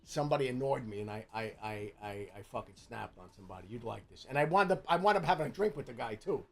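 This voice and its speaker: A man's voice: mid-range voice, lively intonation, fast, a bit bright, faint music behind. A middle-aged man from Jersey City with a New Jersey accent, telling a profane story in casual chat, full of stammering restarts. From Jersey City, USA. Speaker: streamer host.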